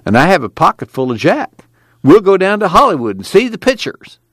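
A man's voice: high voice, big pitch swings, fairly quick, a bit bright, dry recording, studio quality, voice pushed up, heavily acted. A man voicing a cocky young man who brushes things off in a breezy, teasing way. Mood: coaxing. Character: cocky young man, flippant and smooth-talking.

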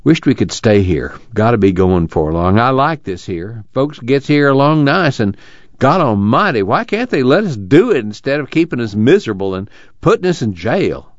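A man's voice: medium pitch, very animated, normal speed, no echo, natural voice. A man voicing a worried camp leader, drawling. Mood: weary pleading. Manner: drawling, rural dialect, pleading. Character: worried older male camp leader, earnest. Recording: dull lo-fi dry recording.

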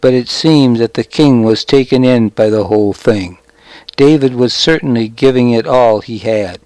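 A man reading a novel aloud as narrator, with measured, deliberate storytelling. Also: medium pitch, darkish tone, dry recording, rough recording. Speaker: audiobook narrator. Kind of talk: scripted narration.

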